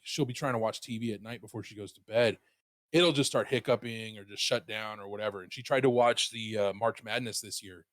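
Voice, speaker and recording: A man casually telling a story on his show, rambling and animated, swearing freely. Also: medium pitch, no room sound, clean studio sound. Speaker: streamer and podcast host.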